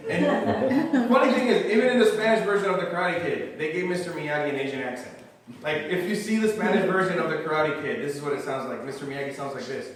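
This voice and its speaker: A man's voice: on the high side, expressive, quick pace, far from the mic. A man doing a stand-up comedy set, chatty and self-deprecating, often laughing at his own jokes. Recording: very echoey room from afar, faint noise.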